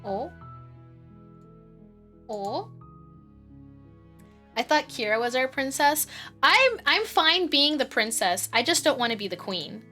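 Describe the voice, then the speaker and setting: A woman streamer with a bright, slightly high voice chats casually during a live stream while she plays, with faint game music underneath. She's slow and pauses often, her pitch swinging widely as she rambles, giggles a lot and swears freely.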